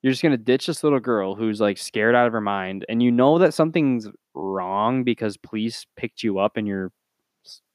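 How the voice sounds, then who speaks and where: A man's voice: normal speed, no echo. A man co-hosting a casual movie review podcast, swearing and exasperated as he recaps the plot. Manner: profane, exasperated, mimics characters in high voices. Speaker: podcast co-host. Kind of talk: casual film review chat.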